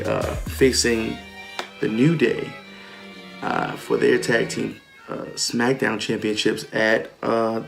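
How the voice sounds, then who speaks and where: A man hosts a podcast and chats his way through a wrestling recap, with plenty of ums and acted-out quotes. His voice sits on the low side with a gravelly fry. Faint music plays behind him. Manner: chatty, many ums, retells lines in quoted voices. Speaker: podcast host. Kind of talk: casual wrestling show recap.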